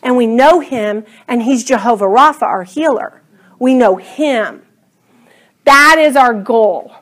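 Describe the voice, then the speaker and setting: A woman teaching a class Bible study in a conversational, animated way, acting out her own prayers. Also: fairly high pitch, slow.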